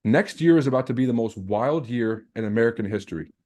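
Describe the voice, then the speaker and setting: A man's voice: medium pitch, lively intonation, fast, a little mellow. A man hosting a live trading stream, chatting casually, brash and teasing as he reads out the chat and swears freely. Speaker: trading livestream host.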